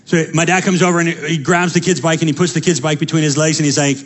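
High-voiced energetic preaching man. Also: fast, few pauses. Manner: energetic storytelling, rising to preaching fervor. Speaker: pastor. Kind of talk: sermon with personal stories.

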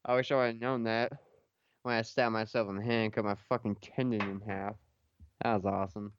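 A man's voice: on the low side, flat delivery, a little fast, muffled recording, a little hiss or hum. A young man hosting a casual podcast, swearing and laughing as he tells stories. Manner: profane, laughing storyteller. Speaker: podcast host.

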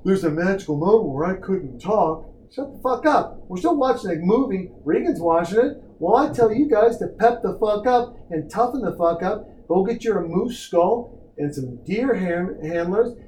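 A man riffing on a movie with a loud, profane, ranting mock pep talk. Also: high-pitched, roomy sound, slight background noise. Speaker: movie commentary co-host.

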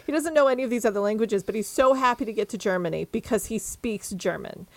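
A woman chatting casually about a novel, lively and quick to laugh. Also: a little high, no echo. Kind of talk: casual book chat.

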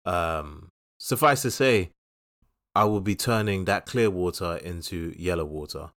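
A man's voice: sits low, unhurried, fairly bright tone. A man co-hosting a casual podcast, chatting about films in a rambling, jokey way with many restarts. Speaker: podcast co-host. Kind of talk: casual podcast film chat.

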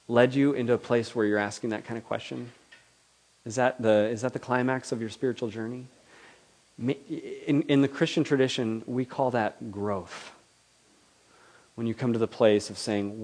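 A man's voice: mid-range voice, normal speed, a little mellow. A man preaching a sermon in a conversational, questioning way, often acting out the voices he quotes.

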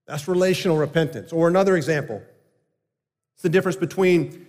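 A man preaching a sermon as a pastor, earnest and emphatic, with deliberate pauses. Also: on the high side, darkish tone. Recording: long hall reverb.

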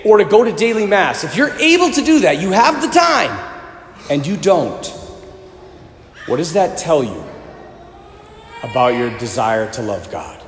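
A man in his thirties preaching a sermon, animated, swinging from shouting to hushed. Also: high voice, a little hiss or hum. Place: large church. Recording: echoey church, long reverb, faint ambience.

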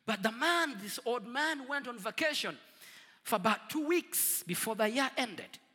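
Husky preacher with a lively, dramatic voice. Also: male voice, unhurried. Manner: dramatic, with sudden swings between booming and hushed. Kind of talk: storytelling sermon. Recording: long reverb of a large hall.

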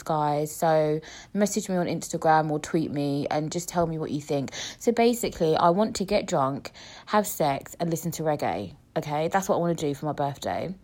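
A woman's voice: on the low side, warm tone. A woman, hosting a casual podcast, chatty and cheeky, swearing and mimicking other people's voices. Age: 20s. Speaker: podcast host. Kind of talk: casual chat.

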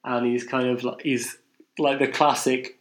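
A man's voice: medium pitch, flat delivery, unhurried. A man from England, co-hosting a podcast, telling a rambling, self-deprecating story in casual chat. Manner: self-deprecating, rambling, many fillers and restarts. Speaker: podcast co-host. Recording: roomy echo.

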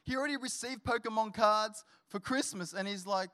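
A man's voice: high-pitched, fairly quick, few pauses, clean tone. Storytelling male preacher. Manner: storytelling, humorous, builds to energetic exhortation. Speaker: guest pastor. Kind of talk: sermon. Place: church service.

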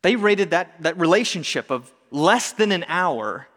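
A man preaching a sermon in a conversational, animated way with touches of humor. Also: sits high, unhurried, long reverb tail. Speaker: pastor.

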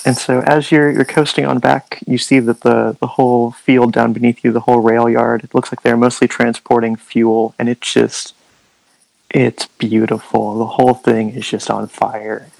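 Man running a tabletop game, gravelly voice, dry close sound, relaxed. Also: medium pitch, dry recording, poor audio. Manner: relaxed, halting with fillers. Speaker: game master.

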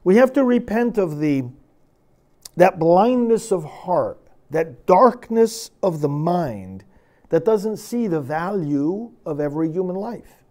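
Emphatic high-voiced male preacher. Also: sing-song, slow, a little mellow. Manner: emphatic preaching, reading scripture with dramatic force. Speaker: priest. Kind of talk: sermon.

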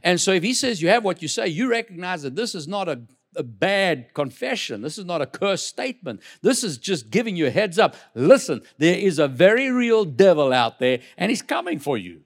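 A man pastor delivering a sermon in a church. His voice sits somewhat high and moves up and down with animated, lively intonation, peppered with repeated words and quick asides to the listeners. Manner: lively preaching with many asides and repetitions.

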